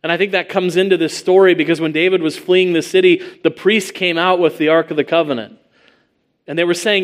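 A male preacher with a slightly high voice works through a passage verse by verse. He speaks earnestly and often poses rhetorical questions. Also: fairly even intonation, brisk. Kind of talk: sermon.

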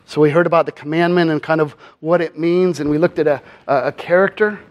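A man's voice: on the high side, fairly even intonation, fast talker, muffled recording. A man preaching a sermon in an earnest manner, often posing rhetorical questions to his congregation. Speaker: pastor.

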